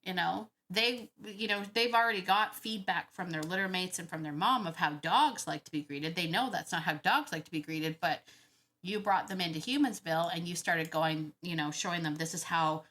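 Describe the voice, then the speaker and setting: A woman hosting a dog-training Q&A, talking casually and thinking out loud with frequent laughs. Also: fairly low pitch, moderate pace. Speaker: dog trainer podcast host. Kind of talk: casual Q&A monologue.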